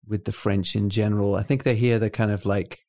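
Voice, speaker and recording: A man's voice: on the low side, a little fast. British guy telling stories, laughing. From United Kingdom. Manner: animated storyteller, laughs often. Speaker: podcast co-host. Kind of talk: casual chat.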